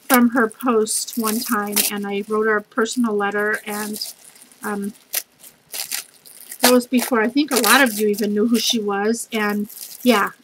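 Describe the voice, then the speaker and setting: A woman's voice: fairly high pitch, a bit bright, slight background noise, low-quality recording. A middle-aged woman, gushing as she unboxes a craft gift package for her channel. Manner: gushing, effusive, says y'all.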